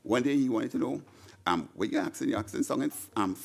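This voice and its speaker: A man's voice: mid-range voice, expressive, fairly quick, creaky. A middle-aged man from Trinidad and Tobago with a Trinidadian accent, giving an impassioned senate budget speech into a desk microphone, often repeating words and restarting. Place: senate chamber.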